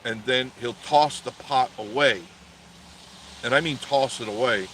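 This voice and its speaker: A man's voice: mid-range voice, measured pace, fairly bright tone, a little hiss or hum. A man hosting a casual vlog, telling a story in a rambling way with many restarts and self-corrections. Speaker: channel host.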